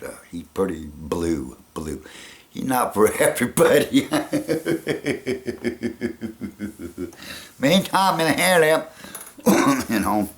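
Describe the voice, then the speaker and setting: A man with a gravelly voice talking in a rambling casual monologue, chuckling often and trailing off. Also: low voice. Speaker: vlogger.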